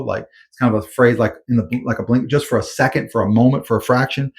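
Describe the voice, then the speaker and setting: A man talking through a scripture passage in a relaxed, conversational way. He sounds earnest and unpolished, often pausing on "um" and restarting his sentences as he explains. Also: mid-range voice. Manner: informal, earnest, many fillers and restarts. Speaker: Bible commentator. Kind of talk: conversational Bible commentary.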